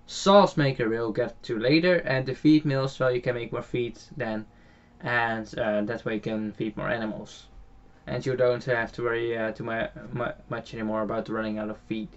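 A man's voice: mid-range voice, steady tone, normal speed, lo-fi sound. A man with a Dutch accent giving casual, hesitant commentary on a farming game, voiced after the recording, with many filler sounds and restarts. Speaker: game channel host.

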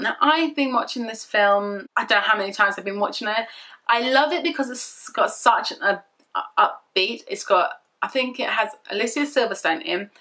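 A woman's voice: mid-range voice, bright, forceful tone. A young woman chatting casually through a product review, rambling and repeating herself as she gushes. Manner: rambling, repetitive and gushing. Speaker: beauty vlogger.

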